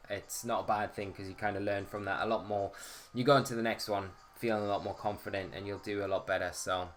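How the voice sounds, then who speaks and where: A man's voice: fairly low pitch, fairly bright tone. A man hosting a casual live stream, chatting and greeting viewers by name.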